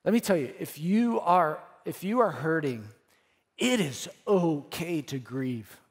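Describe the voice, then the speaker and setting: A man preaching a sermon as pastor, earnest, repeating phrases, rising to emphatic peaks and dropping to soft, quiet lines. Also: a little high, animated, unhurried, husky. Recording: church hall with long reverb.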